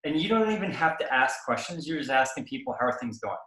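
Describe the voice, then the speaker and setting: A man coaching someone on sales conversations in a casual, animated way, acting out both sides of a dialogue and often checking in with "right?". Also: medium pitch, fast. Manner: animated, acts out dialogue, frequent tag "right?". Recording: roomy echoey room.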